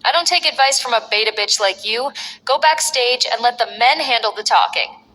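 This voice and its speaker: A woman's voice: a little high, normal speed, bright, forceful tone. A woman voicing an arrogant, brutal male wrestler who taunts and boasts. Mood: defiant. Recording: echoey long reverb.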